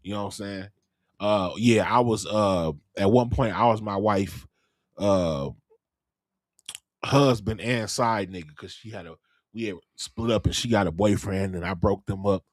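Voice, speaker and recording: Low-voiced stammering man comedian. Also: a little slow, dry recording, studio quality. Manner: stammers and restarts, frank storytelling. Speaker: comedian co-host. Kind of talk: casual podcast banter.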